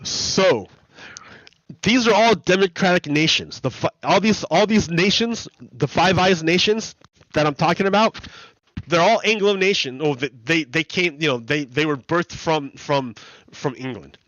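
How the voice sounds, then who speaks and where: A man's voice: on the high side, unhurried, a bit bright, no room sound. An American man hosting a livestream, giving casual commentary in a chatty way, laughing often and repeating his points. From United States. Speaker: livestream host. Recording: dry, slightly dull lo-fi sound.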